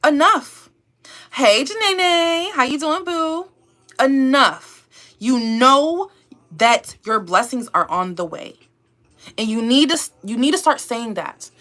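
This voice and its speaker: A woman's voice: a little high, animated, moderate pace, pushed and bright. A woman YouTuber giving an emphatic, repetitive motivational pep talk to her viewers, calling them y'all and babe.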